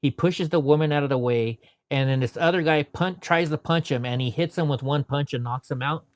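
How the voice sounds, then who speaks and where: A man's voice: a little high, a little fast, no room sound, clean studio sound. A man as an interview guest, telling stories from his life in a rambling, casual way, filling his talk with "you know".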